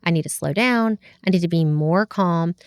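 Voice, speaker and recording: A woman's voice: on the low side, moderate pace, clear, resonant tone, dry recording, studio quality. A woman talking through parenting in an earnest, reflective way as a podcast guest. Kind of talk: casual conversation about parenting.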